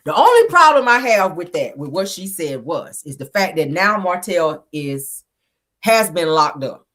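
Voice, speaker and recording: Lower-pitched woman host doing a casual, emphatic reality show recap, peppered with asides. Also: sing-song, a little slow, a bit bright. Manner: chatty and emphatic, with frequent "okay?" asides and bursts of laughter.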